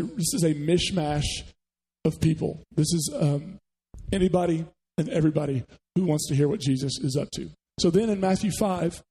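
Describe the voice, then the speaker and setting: A man's voice: on the high side, vocal fry, mellow, husky, long reverb tail, rough recording. A man preaching a sermon to a church congregation, talking conversationally and putting questions to the listeners. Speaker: pastor. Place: church sanctuary.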